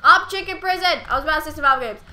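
A girl in her teens chatting and rambling through a Minecraft let's play, breaking into loud excited bursts. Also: high-pitched, very fast. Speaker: gaming YouTuber. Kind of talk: casual let's play commentary.

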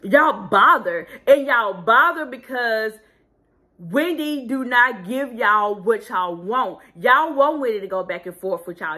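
A woman giving casual, sassy commentary as a reality TV recap vlogger, talking animatedly. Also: fairly high pitch. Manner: sassy, animated, does voices when quoting people.

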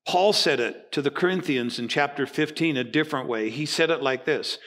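Animated pastor in his sixties, higher voice. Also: brisk, hardly any pauses. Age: 60s. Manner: animated storytelling, acting out dialogue. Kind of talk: sermon.

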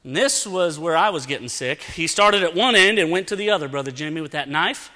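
Male preacher, lively storyteller, high bright tone, long hall echo. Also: brisk. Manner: animated, acts out sounds and dialogue. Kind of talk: storytelling sermon. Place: church sanctuary. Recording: long church-hall reverb.

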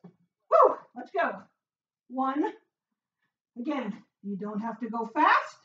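High-voiced woman cheering on a workout. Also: lively intonation, takes it slowly, fairly bright tone. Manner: upbeat, encouraging, frequent whoops. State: out of breath. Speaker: fitness instructor. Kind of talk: workout coaching. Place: home workout room. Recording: echoey room, far from mic, dull sound.

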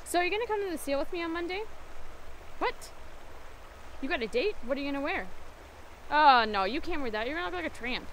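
Gossipy young woman, high and sharp voice, very lively swoops, faint noise behind. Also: quick pace, long pauses. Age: young adult. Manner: chatty, gossipy, distracted. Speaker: sketch performer playing a gossiping girlfriend. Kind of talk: sketch comedy acting.

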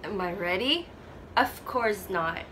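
A woman DJ reacting to a music video in a casual vlog, gushing with excited exclamations. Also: mid-range voice, slow, slight background noise, low-quality recording. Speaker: DJ and reaction vlogger. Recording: music video playing loudly behind the voice. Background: music video playing.

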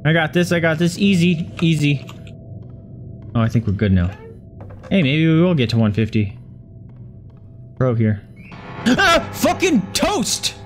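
Fairly high in pitch and at normal speed, this gaming video host leaves long pauses over faint background music. He commentates a horror game in a panic, in frightened let's-play style, swearing, yelping when scared, and repeating words in frantic bursts.

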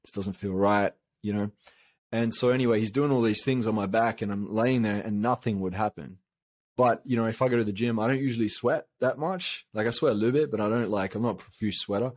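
A man's voice: on the low side, a little fast, no room sound. A man from Australia, a coach, telling a long personal story in a casual interview, rambling with many fillers and restarts. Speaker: guest, coach.

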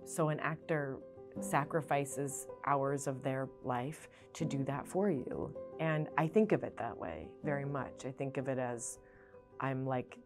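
A middle-aged actress speaking earnestly and reflectively, full of fillers, restarts and sudden bursts of energy. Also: female voice, extremely low pitch, a little slow, over music. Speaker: stage actress. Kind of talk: reflective interview monologue.

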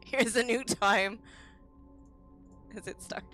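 A woman's voice: on the high side, steady tone, slow pace, pauses often, sharp tone, soft background music. A woman streaming a game in casual chat, giggling often and swapping swears for silly stand-in words.

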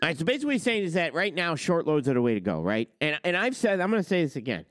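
A man's voice: a little high, big pitch swings, racing, a bit bright, no echo, studio quality. A man hosting a trucking talk channel, ranting with heated sarcasm and swearing. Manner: heated, sarcastic, swears, mocks others in put-on quotes. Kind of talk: ranting opinion monologue.

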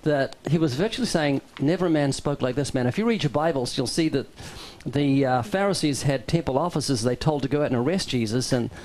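A man's voice: medium pitch, animated, a little fast, few pauses, darkish tone, rough recording. A man hosting a casual talk show, wry and joking, turning preacherly when he quotes scripture. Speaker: host.

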